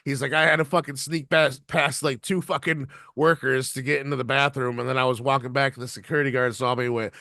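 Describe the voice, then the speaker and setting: Fast and with few pauses, a man's pushed, bright mid-range voice stays level in tone as he co-hosts a podcast, telling a long, profane story and laughing as he goes. The studio sound is clean, with no echo.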